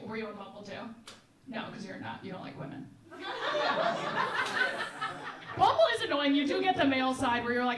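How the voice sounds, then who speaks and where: A young woman doing stand-up crowd work, brash and quick, laughing between jokes. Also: high voice. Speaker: stand-up comedian. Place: comedy club stage before a live audience. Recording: roomy live mic from a distance, loud crowd.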